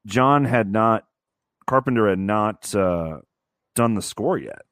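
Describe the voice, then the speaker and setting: A man's voice: fairly low pitch, lively intonation, slow pace, a bit bright, clean tone, no echo, clean studio sound. A young man co-hosting a podcast, talking with emphatic enthusiasm and the occasional swear. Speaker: podcast co-host. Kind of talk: casual movie review chat.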